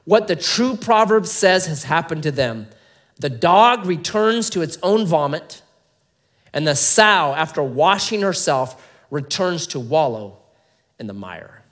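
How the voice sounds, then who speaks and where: A male pastor delivering a sermon with a high, lively voice that swoops up and down. He talks to his listeners casually and keeps asking them rhetorical questions. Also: measured pace. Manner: animated, conversational preaching with rhetorical questions.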